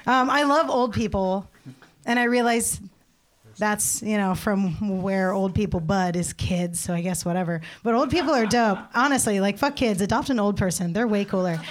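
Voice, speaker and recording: A woman's voice: medium pitch, normal speed, slight background noise. A young woman performing a stand-up comedy set, rambling through stories and acting out the voices of people in them. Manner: rambling, animated storytelling with laughs and acted-out voices.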